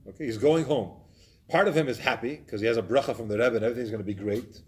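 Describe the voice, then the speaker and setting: A man's voice: on the low side, quick pace, darkish tone, a little hiss or hum. A man, a community rabbi, telling a story in a Torah class, animatedly acting out its scenes.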